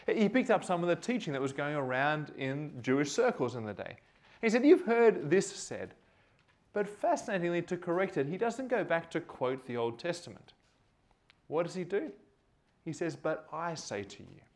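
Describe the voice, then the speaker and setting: A man's voice: a little high, big pitch swings, normal speed. A man preaching a sermon in a conversational, storytelling way, talking straight to his listeners.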